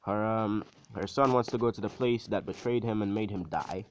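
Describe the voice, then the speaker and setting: A man's voice: lowish voice, normal speed, background noise. A man casually retelling a fan story in a rambling way, full of fillers.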